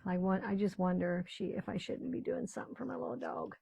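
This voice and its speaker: A woman's voice: mid-range voice, fast talker, creaky, mellow, poor audio. An older woman chatting casually as she crafts at home, rambling and often trailing off mid-sentence. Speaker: crafting channel host. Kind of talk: casual chat while crafting.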